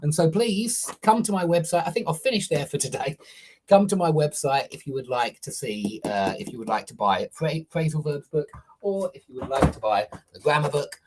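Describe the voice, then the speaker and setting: A man's voice: a little high, lively intonation, normal speed, darkish tone, a little hiss or hum. A man teaching English grammar in a casual, opinionated way, often checking in with "yeah?".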